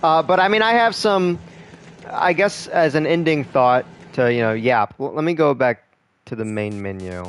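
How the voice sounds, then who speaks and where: A man's voice: on the high side, expressive, normal speed, smooth. A young man casually commenting on a game he is playing, rambling with lots of fillers and swearing. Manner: rambling, profane, trailing fillers. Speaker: gamer.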